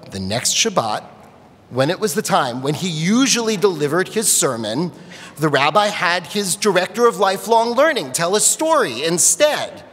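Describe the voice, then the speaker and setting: A man telling a story at a family worship service, expressive, in a large sanctuary. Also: a little high, husky. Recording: long reverb of a large sanctuary.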